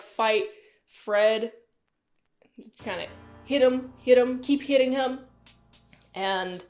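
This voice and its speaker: A fairly high-voiced woman recapping a horror film in a loose, chatty review. She exclaims often and jumps between calm retelling and bursts of excitement, with faint music in the background. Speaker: movie reviewer. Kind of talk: casual spoken movie review.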